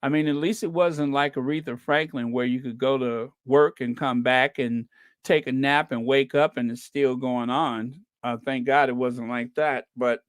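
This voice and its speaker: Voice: medium pitch, steady tone, moderate pace, clear, resonant tone, no room sound, clean studio sound. A livestream host reading the chat in a casual, chatty way, laughing often and stretching out repeated no's.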